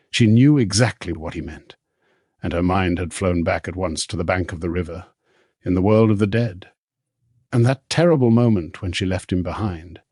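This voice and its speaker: A man reading a novel as an audiobook narrator, in a measured, steady husky voice. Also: deep voice, no room sound, studio quality. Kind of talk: scripted narration.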